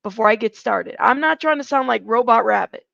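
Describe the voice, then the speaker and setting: A woman hosting a live true-crime commentary stream, chatty and animated, laughing between lines, heard through a home streaming mic. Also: fairly high pitch, a little fast, gravelly, no room sound. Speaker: livestream host. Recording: dull lo-fi stream mic audio.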